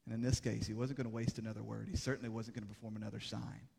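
A young adult man preaching a sermon as pastor, moving between urgent, rising exhortation and hushed, grave passages. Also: lowish voice, flat delivery, racing, gravelly, slightly rough. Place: church sanctuary. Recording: long hall reverb.

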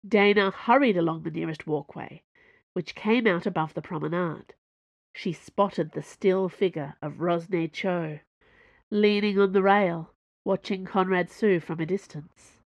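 A woman narrating a storybook in an even, measured reading. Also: lowish voice, no room sound. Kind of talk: audiobook narration.

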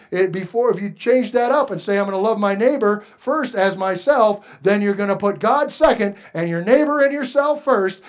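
Pastor, male, high voice, earnest sermon delivery swinging from hushed to forceful. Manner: swings between hushed confession and loud exhortation; earnest, plain-spoken preaching.

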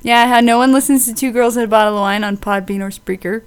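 A woman's voice: a little high, steady tone, quick pace, smooth. A middle-aged woman co-hosting a podcast, playful and sarcastic, laughing often in casual chat. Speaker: podcast co-host.

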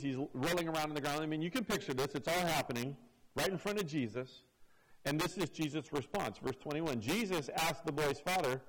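A pastor delivers an expository sermon, reading scripture verse by verse and acting out the voices of the people in it. His voice is a little high with a fairly bright tone, and the recording is rough.

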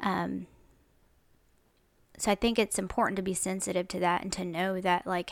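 Woman, young adult, casual faith talk, chatty, mimics others, gravelly fry. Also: mid-range voice, level tone, moderate pace, no echo. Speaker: Christian vlogger.

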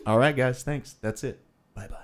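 A man's voice: medium pitch, normal speed. A young man co-hosting a podcast, signing off in a wry, joking, laid-back way. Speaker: podcast co-host. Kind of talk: casual chat, sign-off.

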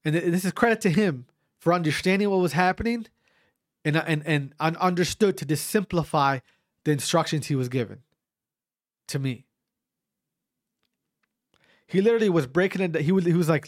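Recounting a bout he fought, an amateur fighter speaks in a voice on the high side, at a moderate pace with frequent pauses. The casual story is animated, full of stammers and restarts, free swearing, and acted-out quotes, recorded studio-quality with no room sound.

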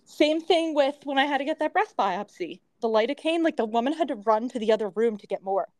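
High-voiced woman with a lisp. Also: lively intonation, a little fast, a little mellow. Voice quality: lisp from temporary crowns. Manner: chatty, rambling, laughs often. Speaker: podcast co-host. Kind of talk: casual chat.

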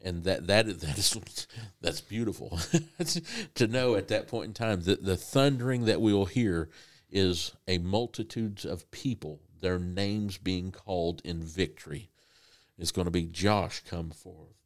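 A man preaching a sermon in a conversational, halting way with frequent restarts. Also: low voice, animated.

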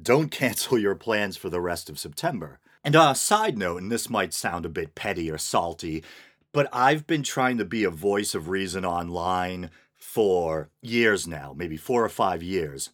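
A man's voice: low-pitched, animated, unhurried, a bit bright. A man hosting a solo podcast, talking in a casual, sarcastic and wry way, partly reading an article aloud. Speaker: podcast host.

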